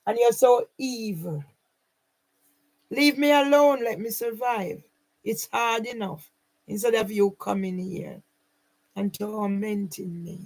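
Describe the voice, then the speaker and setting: A woman's voice: fairly high pitch, takes it slowly, pauses often, darkish tone, rough recording. A woman, running her own channel, speaking straight to camera in an angry, accusing and repetitive way. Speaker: channel owner. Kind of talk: angry direct-to-camera rant.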